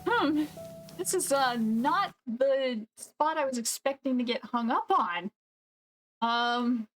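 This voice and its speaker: Woman streamer, higher-pitched voice, thinking aloud as she plays, faint game music underneath. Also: expressive, slow pace, a bit bright. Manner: thinking aloud, self-questioning. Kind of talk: casual gameplay commentary.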